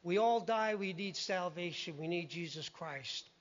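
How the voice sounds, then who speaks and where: A man's voice: high-pitched, measured pace. A man preaching a sermon in a conversational, emphatic way, often quoting scripture. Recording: muffled lo-fi recording.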